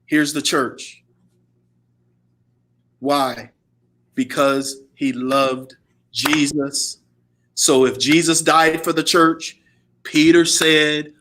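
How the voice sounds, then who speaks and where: An older man, a pastor, talking in a slow, emphatic preaching way. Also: fairly high pitch, flat delivery, a bit bright. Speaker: pastor and guest speaker. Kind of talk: preaching conversation.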